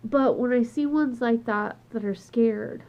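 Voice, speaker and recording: In an unhurried, slightly high voice, a woman vlogs tearfully from home with her dog beside her. She's visibly upset, trailing off and beginning again. It's a dull, lo-fi home recording.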